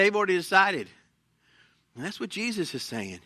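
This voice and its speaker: Man, pastor, very bright tone, lively preaching, sermon. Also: high voice, moderate pace, dry recording. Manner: animated preaching with asides and acted quotes. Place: church sanctuary.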